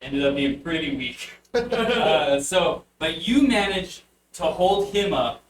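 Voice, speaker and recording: A man running a tabletop game as game master, narrating in halting bursts with frequent restarts and chuckles. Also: on the high side, lively intonation. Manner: halting, restarts often, laughs through narration. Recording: echoey room, distant mic, noisy.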